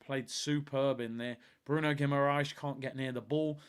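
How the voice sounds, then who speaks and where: Smooth and steady, his mid-range voice moves at a moderate pace as he runs a live football watch-along stream. He answers viewers' comments in casual, emphatic chat and repeats lines for effect.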